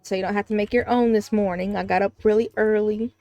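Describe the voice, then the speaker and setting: A young woman voicing a kindly, caring grandmother in a life-simulation game, speaking gently and reassuringly. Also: medium pitch, steady tone, quick pace, no room sound, lightly acted.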